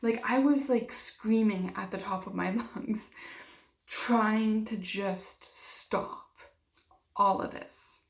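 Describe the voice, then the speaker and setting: A woman's voice: mid-range voice, steady tone, drawn-out words, vocal fry. Woman telling a painful story, roomy sound. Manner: emotional, acts out quoted dialogue, many fillers. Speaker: vlogger. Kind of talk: personal storytelling. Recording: roomy echo.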